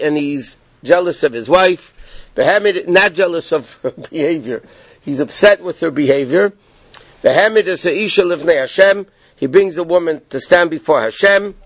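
In a Torah class, a man with a high-sitting voice explains a text step by step and checks in with his students. He's explanatory, repeating points and asking "okay?". The recording is dull, lo-fi and dry.

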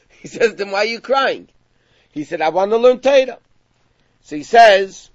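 A man teaching a Talmudic story to a class, acting out the dialogue with lively emphasis. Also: high voice, no echo. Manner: animated, acts out dialogue with rising emphasis. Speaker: Torah teacher. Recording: dull lo-fi sound.

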